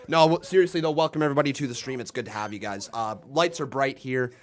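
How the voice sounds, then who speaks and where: A man's voice: medium pitch, fast talker, hardly any pauses. A tired man hosting a wrestling live stream, chatting casually and upbeat while greeting viewers by name. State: tired, just woke up. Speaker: wrestling livestream host.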